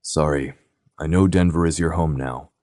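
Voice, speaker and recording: A man doing a gruff grumpy big brother. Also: rumbling low, steady tone, normal speed, a little mellow, no room sound, studio quality.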